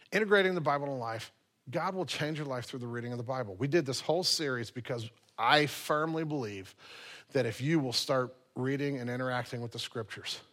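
A man's voice: medium pitch, fairly bright tone. A man preaching a sermon as pastor, earnest and repeating key phrases for emphasis.

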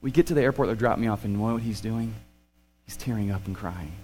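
A man in his thirties preaching a sermon, animated and swinging between excited and hushed. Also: fairly low pitch, quick pace, soft background music. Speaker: pastor.

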